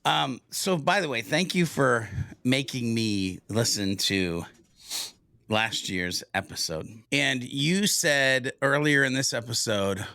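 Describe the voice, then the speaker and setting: A man's voice: mid-range voice, expressive, slow pace, pushed and bright, no room sound, clean studio sound. A middle-aged man co-hosting a podcast, speaking in an earnest, heartfelt and candid way. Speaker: podcast co-host. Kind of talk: casual podcast chat.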